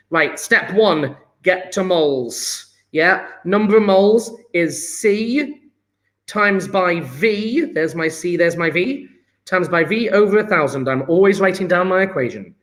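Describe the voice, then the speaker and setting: A man teaching chemistry, working through exam questions aloud, upbeat and thinking out loud as he calculates. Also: sits high.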